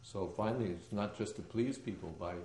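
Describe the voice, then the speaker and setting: A man with a deep, mellow voice gives a devotional lecture. He tells stories emphatically, pausing on fillers now and then. His voice echoes through a roomy hall. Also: slight background noise. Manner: emphatic storyteller, hesitant fillers. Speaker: spiritual teacher.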